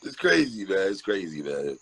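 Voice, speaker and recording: A man's voice: deep voice, big pitch swings, normal speed, gravelly, husky, rough recording. A man hosting an interview in a casual, agreeable way, chiming in often and laughing easily. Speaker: interview host. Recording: loud background noise.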